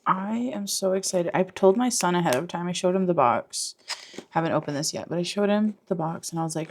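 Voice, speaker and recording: A woman in her thirties talks loosely to the camera as she goes about her day at home. Her voice sits a little low. She rambles, curses offhandedly and slips into baby talk with her dog. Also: brisk, background noise. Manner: chatty and rambling, swears, coos at her dog. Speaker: vlogger. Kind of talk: casual day-in-the-life vlog. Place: home, indoors and in the yard.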